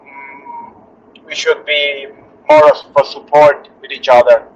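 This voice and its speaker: A male fighter answering interview questions earnestly in halting, restarting English. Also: a little high, huge pitch swings. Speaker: UFC fighter being interviewed. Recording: slightly dull lo-fi audio.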